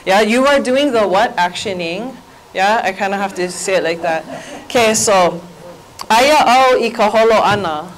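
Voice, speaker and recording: A woman's voice: mid-range voice, normal speed, a little hiss or hum, rough recording. A woman with a Hawaii accent giving a playful workshop presentation as a Hawaiian language teacher, getting the audience to repeat phrases aloud.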